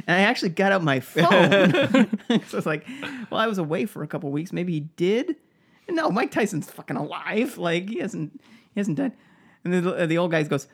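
A man's voice: high voice, expressive, moderate pace, long pauses, fairly bright tone. A man co-hosting a podcast, telling a funny story in a casual way, laughing often and acting out the people he quotes. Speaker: podcast co-host.

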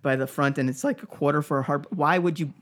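A man's voice: on the high side, fast. A man co-hosting a podcast, telling a funny story in a casual way, laughing often and acting out the people he quotes. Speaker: podcast co-host.

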